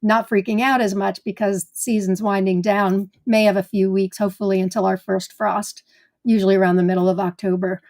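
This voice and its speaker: A woman's voice: mid-range voice, little pitch movement, fairly quick, darkish tone. A woman hosting a live gardening stream in casual chat, greeting viewers by name in a chatty way.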